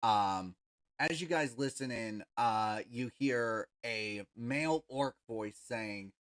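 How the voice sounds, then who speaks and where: Slow-talking game master with a bright, forward tone and a halting, um-filled delivery. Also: mid-range voice. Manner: halting, full of ums. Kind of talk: narrating a tabletop game.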